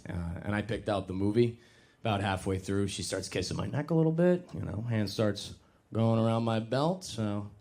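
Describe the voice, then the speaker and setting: A young man performing stand-up comedy on a club stage, talking casually and poking fun at himself, now and then jumping into high mocking voices. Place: comedy club stage before a live audience.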